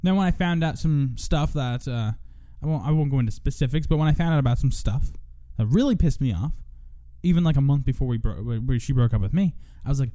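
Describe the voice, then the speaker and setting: A man's voice: medium pitch, animated, fast talker, dark tone. A young man hosting a solo podcast, venting in a profane, rambling monologue full of restarts. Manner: profane, rambling, self-interrupting. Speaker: podcast host.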